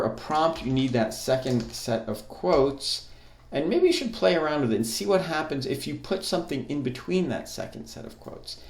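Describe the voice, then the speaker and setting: A man's voice: medium pitch, roomy sound. A man teaching a coding lesson, talking through each step while he types on a keyboard. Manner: relaxed, thinks aloud while typing. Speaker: programming teacher. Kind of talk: screen-recorded coding lesson.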